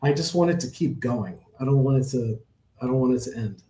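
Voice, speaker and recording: A middle-aged man tells stories in a loose, rambling way, full of fillers and restarts. His voice is dark and mellow. It sounds like he is in a roomy space with noticeable echo. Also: medium pitch, fairly quick. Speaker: horse owner guest. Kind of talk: casual storytelling interview.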